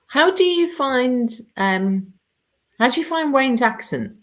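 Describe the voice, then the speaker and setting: A woman, chatting lively as an interviewer on a live stream. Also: high-pitched. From United Kingdom. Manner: chatty, lively, quick asides.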